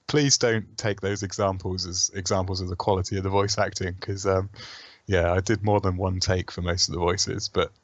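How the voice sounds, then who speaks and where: A man's voice: low voice, flat delivery, normal speed, no room sound, lo-fi sound. A man with a sore throat from a cold, chatting as a game developer guest in a self-deprecating, hesitant way. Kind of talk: casual interview chat.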